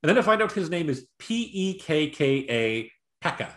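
A man's voice: fairly high pitch, moderate pace, roomy sound. A man co-hosting a podcast, chatting casually and rambling through a show review with profanity and acted-out quotes. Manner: rambling, profane, animated retelling with impressions. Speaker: podcast co-host. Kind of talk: casual chat, movie review. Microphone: video call.

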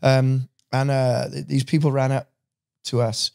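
A man tells anecdotes in a relaxed podcast chat. He jumps into other people's voices as he goes and swears casually. His pitch sits in the middle. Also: measured pace, creaky. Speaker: podcast guest, voice actor.

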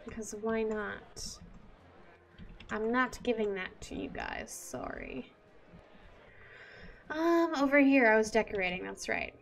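A woman's voice: fairly high pitch, sing-song, takes it slowly, creaky, pauses often. A woman giving casual let's-play commentary while building a city, chatty and exasperated, talking to herself and to the game. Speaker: gamer.

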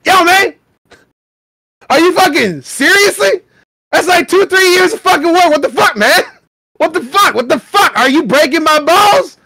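A man voicing an outraged male forum poster who yells and swears in disbelief. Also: extremely high pitch, lively intonation, moderate pace, vocal fry, pitched above the performer's own voice, exaggerated voice.

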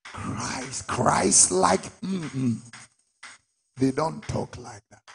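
A middle-aged man with a Ghanaian English accent, preaching a sermon as a prophet, with sudden shouted peaks. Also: mid-range voice, slightly rough.

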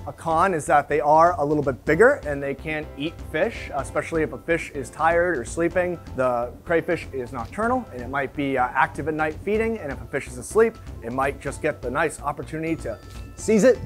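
A man hosting a casual educational video, chatty and enthusiastic, with frequent filler words as he explains. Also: on the high side. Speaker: aquarium store video host.

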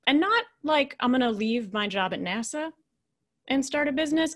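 This woman, a leadership coach in her thirties or forties, delivers an inspirational keynote at normal speed in a high voice. She relates a personal story in a lively, conversational manner, punctuated by soft, hushed asides.

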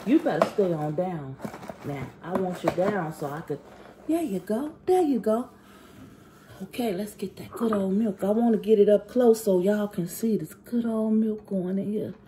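A woman's voice: mid-range voice, warm tone, slight background noise. A playful woman vlogger reviewing food, talking straight to her viewers and pretending to be a seven-year-old kid.

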